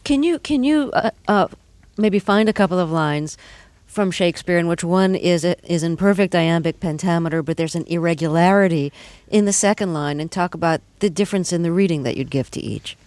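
A woman hosts a radio interview, her voice pitched a little low. She asks her questions in a measured, plain way. The studio sound is dry and close. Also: a little mellow, dry recording.

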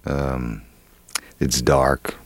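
A man's voice: a bass voice, level tone, extremely slow, no room sound. A man, an actor, telling a long story in an interview, rambling with many fillers and restarts. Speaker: actor guest.

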